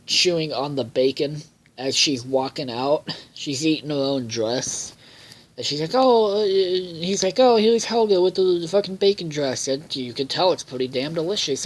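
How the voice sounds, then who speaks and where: Rambling, profane young man reviewing a cartoon. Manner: rambling, profane, with many fillers; acts out characters' lines in higher voices. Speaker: show reviewer. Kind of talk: casual episode review.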